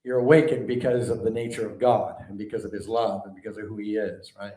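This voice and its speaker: Animated preacher man in an echoey hall. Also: fairly low pitch, fast talker. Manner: animated, conversational, asks the room questions. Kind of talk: sermon. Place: large hall before a live audience. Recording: echoey hall, mic at a distance.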